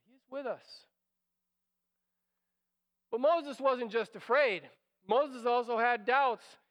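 High-voiced animated male preacher. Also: slow pace. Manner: animated, acts out quoted voices, drops to near whisper. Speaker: pastor. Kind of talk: sermon.

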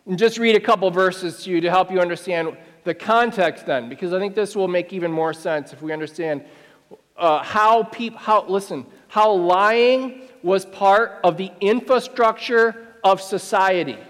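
A man's voice: sits high, normal speed, a bit bright. A male pastor preaching a sermon, emphatic and conversational, with wry asides. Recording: long hall reverb.

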